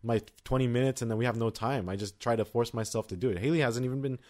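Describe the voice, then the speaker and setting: A man's voice: mid-range voice, fast talker, darkish tone. Chatty male podcast co-host. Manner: rambling, chatty, full of "like" and restarts. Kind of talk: casual chat.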